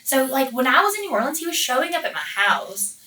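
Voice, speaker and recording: Bright-voiced woman telling a rambling story. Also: sits high, big pitch swings, fast talker. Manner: rambling, heavy swearing, many fillers. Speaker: interviewee. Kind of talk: casual storytelling. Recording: roomy echo, mic at a distance.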